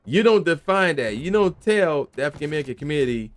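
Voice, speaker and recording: Fast and fairly high-pitched, this young gaming channel host rants his opinions in casual slang. His delivery is animated and emphatic, and he sometimes voices the people he's quoting.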